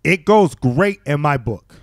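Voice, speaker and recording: A comedian tells stories, his voice sitting a little high for a man as he acts out the people he quotes. The sound is close and dry, with no room echo. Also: expressive, measured pace. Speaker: stand-up comedian guest. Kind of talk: casual storytelling chat. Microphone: studio mic.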